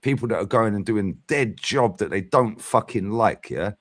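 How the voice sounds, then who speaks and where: A man's voice: on the low side, expressive, moderate pace, dry recording. Blunt, sweary man in his forties. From London. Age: 40s. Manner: blunt and sweary, keeps tagging "yeah?". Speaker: fan channel host. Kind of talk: casual football podcast chat.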